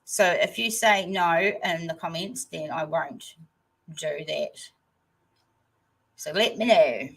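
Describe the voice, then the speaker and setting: A New Zealand woman hosting a casual livestream chat, hesitant and rambling with many pauses. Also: low voice, creaky, breathy edge, poor audio. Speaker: channel host.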